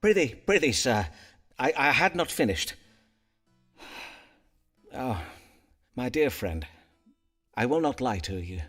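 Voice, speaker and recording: An actor voicing a pompous Elizabethan astrologer-physician in a narrative game, speaking in florid archaic phrasing. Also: male voice, medium pitch, sing-song, takes it slowly, long pauses, fairly bright tone, faint music behind, exaggerated voice. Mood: grave. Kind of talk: voiced game dialogue in Elizabethan English.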